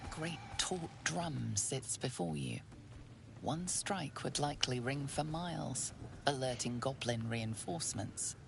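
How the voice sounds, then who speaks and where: A woman giving measured, ominous second-person narration as a game's storyteller. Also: very deep voice, expressive, gravelly, heavily acted. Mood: calm. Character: low-voiced female storyteller, ominous, calm. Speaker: game narrator. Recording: noisy game capture.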